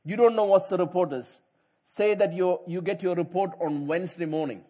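A middle-aged male pastor delivering a sermon in a fairly high, husky voice. He moves between soft, conversational storytelling and loud, emphatic calls to the congregation. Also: a little fast.

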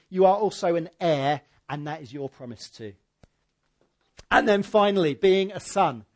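A man preaching a sermon in church, swinging from loud emphatic peaks to quiet, low asides. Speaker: pastor.

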